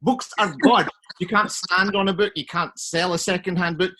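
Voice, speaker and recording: A man's voice: high-pitched, steady tone, moderate pace, sharp tone, pitched above the performer's own voice. A man voicing his strict mother as she scolds a toddler, stern and emphatic. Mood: scolding. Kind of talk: acted quote in an online panel chat.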